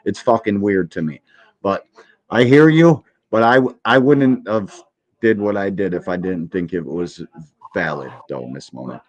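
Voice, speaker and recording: A man's voice: low voice, normal speed. A man hosting a live boxing stream, cursing freely and mocking what he watches as he reacts to a clip. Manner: profane, mocking, animated. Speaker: boxing podcast host.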